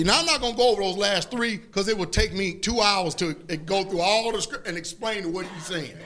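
A preacher with a strikingly high, bright voice, delivering a fiery, folksy sermon. He swings between loud shouted bursts and quieter asides, often breaking into laughter. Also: brisk, few pauses.

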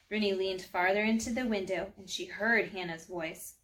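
A woman reading a children's storybook aloud with expressive, animated narration. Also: medium pitch, moderate pace, few pauses. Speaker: storybook reader.

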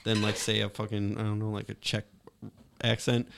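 A man's voice: lowish voice, completely flat delivery, moderate pace, vocal fry, fairly bright tone, a little hiss or hum. Young Boston man telling stories. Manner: laughing, swearing storyteller. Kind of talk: casual chat among friends.

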